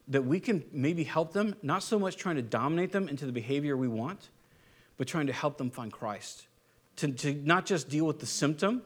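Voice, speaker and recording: A man preaching a sermon in a conversational way, asking his listeners rhetorical questions and swinging from animated to quiet and low. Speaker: pastor.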